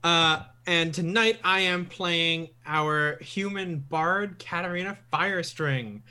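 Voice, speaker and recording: A laid-back player chatting casually at a tabletop game stream, a bit halting with repeated words, a man by the page. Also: fairly high pitch, sharp tone, clear, resonant tone. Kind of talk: casual chat.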